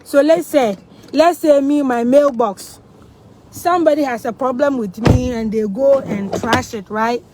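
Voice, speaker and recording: A woman's voice: sits high, a little slow, background noise. A woman vlogging a walk through a new housing development outdoors. She explains things step by step and keeps checking in with her viewers. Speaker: vlogger giving a neighborhood tour. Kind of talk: casual explanatory walk-and-talk.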